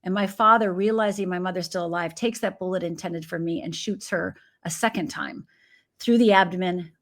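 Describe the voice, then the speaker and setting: A guest life coach from Upper Michigan, USA, tells her story in an interview, vividly voicing the people she quotes. She speaks at normal speed in a lowish voice with a steady tone.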